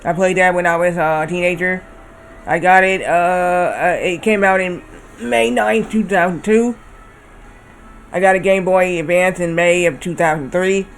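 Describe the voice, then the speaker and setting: A man's voice: high voice, steady tone, moderate pace, slight background noise. A man in his thirties chatting casually while streaming a game, rambling and often correcting himself. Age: 30s. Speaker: livestreamer.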